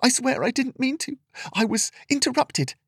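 Guy putting on a scared young village woman, thin raspy voice pitched way up, panicky and pleading, dry close sound. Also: normal speed, a bit bright, no room sound, heavily acted. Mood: panicked pleading. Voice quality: thin rasp. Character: frightened pale young village woman, devout.

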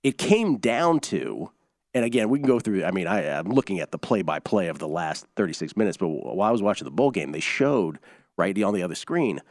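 A man's voice: low-pitched, sing-song, brisk, a little mellow, no echo, clean studio sound. A man hosting a sports betting radio show, talking loosely and rambling through scores and stats.

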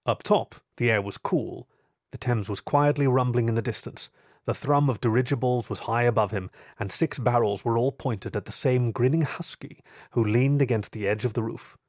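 A man reading a story aloud in a calm, measured narration. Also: mid-range voice, dry recording, studio quality.

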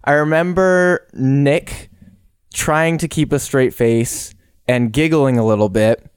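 A man's voice: mid-range voice, slow pace, clean tone, no echo, clean studio sound. A man telling a story on a casual podcast, rambling with restarts and fillers.

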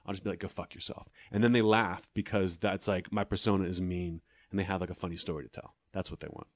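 A man with a lowish voice, speaking quickly and with a dry, sardonic edge. He is a comedian trading stories in a relaxed conversation and sometimes jumps into quick impressions of the people in them. The sound is close and dry, with no room around it. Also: no echo. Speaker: stand-up comedian guest. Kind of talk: casual chat.

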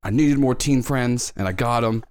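A man's voice: medium pitch, moderate pace, lightly acted. A man doing a rattled, rambling mall cop. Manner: rambling and flustered. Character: nervous, shaken adult male mall cop.

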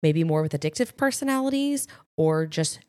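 A woman co-hosting a podcast, chatting casually and telling lively family stories. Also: deep voice, moderate pace, dry recording, clean studio sound. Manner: animated storyteller acting out family moments. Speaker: podcast co-host. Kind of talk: casual chat.

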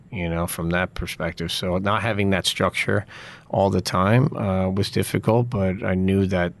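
Sitting low with fairly even intonation, this middle-aged man's voice carries earnest, drawn-out reflections in an interview about his days as a college soccer player, filled with repeated "you know"s.

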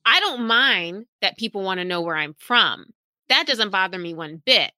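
A woman's voice: medium pitch, moderate pace, no room sound, low-quality recording. A woman with a Southern American accent, chatting casually as a guest and acting out bits of dialogue. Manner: animated, acts out quoted dialogue. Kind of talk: casual chat.

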